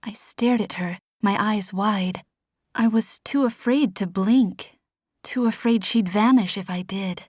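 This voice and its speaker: Slow, hushed woman narrating a novel. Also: medium pitch, no echo, studio quality. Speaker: audiobook narrator. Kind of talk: first-person novel narration.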